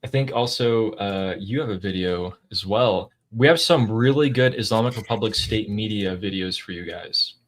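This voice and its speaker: A man with a fairly low voice co-hosts a political talk show. He walks through the news in an emphatic, casual way, leaning on points as he goes. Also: moderate pace, few pauses. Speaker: political commentary co-host.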